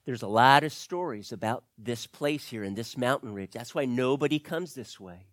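A man's voice: medium pitch, animated, normal speed, a bit bright, no room sound, studio quality, close to an everyday voice. A man voicing a worried, earnest boy on an expedition in a told story. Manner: earnest, confiding.

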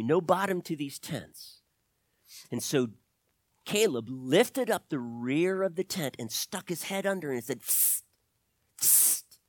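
Expressive male storyteller, dry close sound. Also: on the high side, no echo. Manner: expressive storytelling, dropping to whispers. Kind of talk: told adventure story.

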